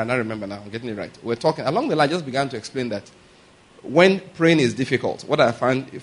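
Preacher, chatty, checking in often. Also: male voice, mid-range voice, breathy edge. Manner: checks in with "are you getting my point?" and "all right?"; chuckles and rambles into anecdotes. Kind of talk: conversational sermon.

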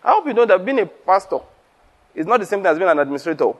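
A man's voice: high voice, sing-song, very fast. A man preaching, chuckling and asking rhetorical questions. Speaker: pastor. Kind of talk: teaching sermon.

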